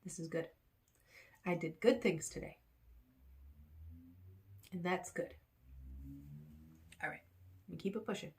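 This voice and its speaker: A woman's voice: on the low side, a little slow, pauses often. A woman vlogging in rambling, repetitive self-talk, encouraging herself.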